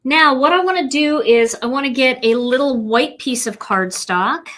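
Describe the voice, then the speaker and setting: A card-making instructor with a high-pitched, fairly bright voice speaks at normal speed during a live stream. She's playful and talkative, explaining each stamping step to her viewers as she goes.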